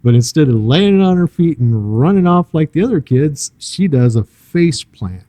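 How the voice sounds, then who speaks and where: Older male church guest: earnest, halting testimony, warm low-key timbre. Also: animated, no room sound. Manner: earnest, halting telling with many fillers and restarts. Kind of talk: personal storytelling interview.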